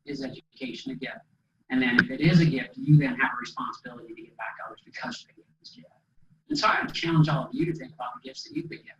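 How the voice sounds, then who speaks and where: A man's voice: mid-range voice, sing-song, very fast, a bit bright, a little hiss or hum. A middle-aged man gives a motivational talk in a storytelling manner, chatty and loose, full of fillers and quoted dialogue. The sound is dull and comes from a distance, with the echo of a large hall around him. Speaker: motivational speaker. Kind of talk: storytelling presentation to an audience.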